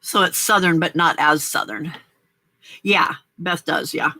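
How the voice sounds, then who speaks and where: An older woman hosts a late-night crafting livestream in an unhurried, easygoing way, laughing often as she greets viewers and answers their comments. Her voice is bright and clear, and the sound is dry and close. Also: sits low, dry recording. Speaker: livestream host.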